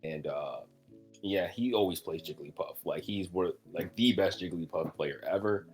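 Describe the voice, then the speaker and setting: A man's voice: low-pitched, moderate pace, a little mellow, faint music behind. A man co-hosting a podcast in a casual chat, talking enthusiastically and rambling with fillers. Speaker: podcast co-host.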